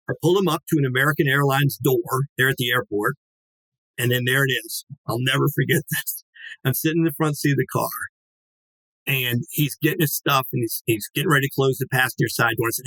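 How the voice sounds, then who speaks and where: A man in his sixties talks as a guest in a close, dead-sounding room with no echo. His voice sits at an ordinary middle pitch. He tells his story casually and acts out the voices of the people in it. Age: 60s. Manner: lively, acts out quoted dialogue, swears casually.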